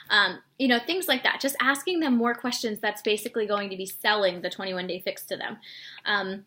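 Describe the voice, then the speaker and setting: Woman fitness coach, chatty and informal, crisp bright tone, acts out quick upbeat sample messages. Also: mid-range voice, lively intonation. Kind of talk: casual instructional talk.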